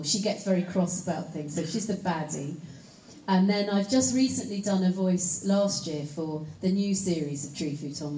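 A woman's voice: mid-range voice, mellow. Woman, actress on a panel, chatty, rambling, lots of fillers, roomy hall, faint background hum. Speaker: actress and voice actor. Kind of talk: convention panel answers. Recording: roomy hall, distant mic, faint ambience.

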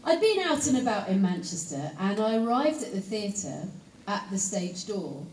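A woman's voice: medium pitch, normal speed. Woman telling a fun story to an audience, chatty, voice a bit far off, echoey hall. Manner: chatty and lively, teasing the audience with asides. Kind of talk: live anecdote to an audience. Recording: echoey hall, voice picked up from a distance, faint room noise.

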